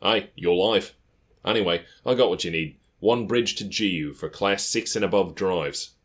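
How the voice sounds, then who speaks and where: A man's voice: deep voice, normal speed. A man voicing a cheerful, streetwise male tape dealer with a faint accent, talking in a friendly, conspiratorial way in an audiobook. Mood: jovial. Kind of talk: audiobook character voice.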